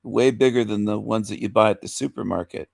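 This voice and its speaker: A man's voice: fairly low pitch, fairly even intonation, fairly quick, gravelly, darkish tone, dry recording, clean studio sound. Rambling man hosting a talk show. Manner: rambling, repeats phrases, fires rhetorical questions. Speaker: radio show host. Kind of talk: opinionated monologue commentary.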